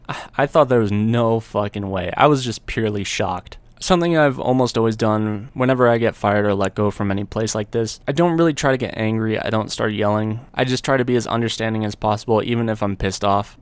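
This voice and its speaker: A man's voice: on the low side, no echo. A young adult man telling a story from his own life in a casual, laid-back way, with slang and the odd swear word.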